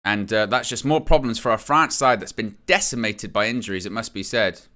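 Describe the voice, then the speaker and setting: A man with a lowish voice talks fairly quickly in a bright, forceful tone. He hosts a live fan stream, giving casual running commentary on a football match, full of fillers and restarts.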